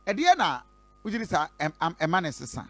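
A Ghanaian man hosts a political interview, his voice somewhat high. He asks measured, probing questions. The sound is dry, with no room around it. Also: wildly swooping pitch, pushed and bright, no room sound. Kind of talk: political interview, Twi mixed with English.

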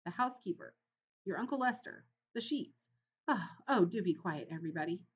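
A woman's voice: medium pitch, very animated, moderate pace, highs cut off, a little hiss or hum, pitched above the performer's own voice, natural voice. A woman voicing a fretful, agitated mother mouse in a children's storybook reading. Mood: alarmed. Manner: agitated, fussing.

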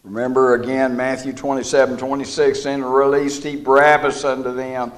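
A middle-aged man preaching a sermon, folksy and deliberate, leaning on key words. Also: medium pitch, little pitch movement.

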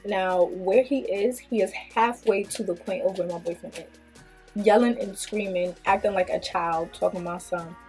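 A woman vlogger who tells a story in an animated, blunt way, with plenty of swearing. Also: mid-range voice, moderate pace, faint music behind. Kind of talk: storytime vlog.

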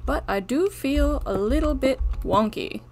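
A woman's voice: high voice, expressive, unhurried, darkish tone, a little hiss or hum. A young woman talking viewers through her survival game in a chatty, self-deprecating way, tired from little sleep. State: sleep-deprived. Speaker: gaming channel host. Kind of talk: casual let's-play commentary.

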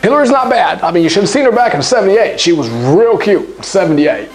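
A woman's voice: fairly low pitch, big pitch swings, quick pace, faint music behind, pitched below the performer's own voice. A woman doing a comic impression of a boastful, flirtatious aging male ex-president who rambles and brags. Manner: lecherous bragging, rambling asides.

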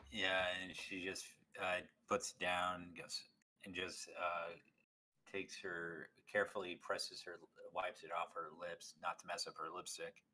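Player guy with a real low but bright voice, lots of uhs while he describes his character. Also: monotone. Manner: halting, filler-laden descriptions.

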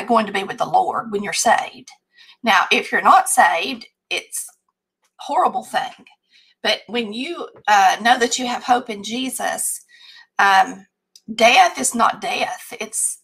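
Chatty Southern woman, bright voice. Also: on the high side, creaky, breathy edge. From Southern United States. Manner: chatty, rambling, folksy with frequent fillers. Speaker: host. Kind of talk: casual live chat to viewers.

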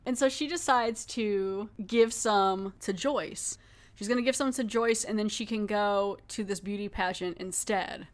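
A woman's voice: mid-range voice, unhurried. A woman hosting a podcast who recaps a TV episode in a casual, chatty way, laughing and mockingly acting out the characters' lines. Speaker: podcast host.

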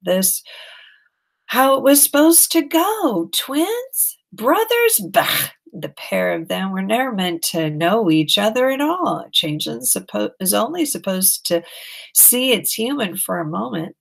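A woman's voice: medium pitch, very animated, unhurried, vocal fry, heavily acted. A woman reading an audiobook, voicing a sulky, stubborn male goblin who grumbles and protests in a folksy way. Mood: protesting.

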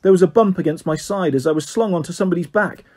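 A man reading a children's story aloud in a lively, expressive way. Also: high voice, quick pace.

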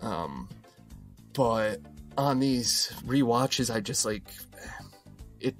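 A man co-hosting a podcast, talking casually and haltingly with many fillers. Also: medium pitch, expressive, soft background music. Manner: hesitant, many fillers and restarts. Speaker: podcast co-host.

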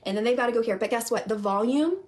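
A young woman with a fairly high voice delivering a fired-up sales pitch to her team. She repeats her points, calls out to the group again and again, and leans hard on her claims. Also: fast, a little mellow. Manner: emphatic, repetitive, addresses listeners as "you guys". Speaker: network marketing recruiter.

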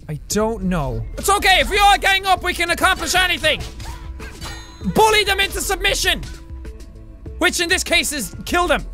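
Excitable, high-pitched young man gaming. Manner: excitable, loud, swears a lot, jumps between shouts and mutters. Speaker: gaming YouTuber. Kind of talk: let's play commentary.

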